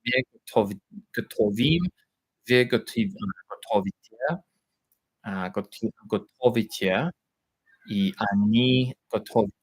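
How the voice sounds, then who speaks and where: A middle-aged man, a native English speaker, talks slowly and haltingly in a casual live stream, pausing to think aloud and restarting his words often. His voice sits fairly low and he takes his time. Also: breathy edge. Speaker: vlog host practicing Russian.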